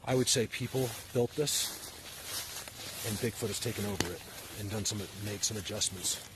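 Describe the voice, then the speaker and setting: A man's voice: fairly low pitch, normal speed, background noise. Breathless man vlogging on a hillside. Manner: animated, talks to viewers while filming. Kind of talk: excited outdoor vlog narration. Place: outdoors on a mountain hillside.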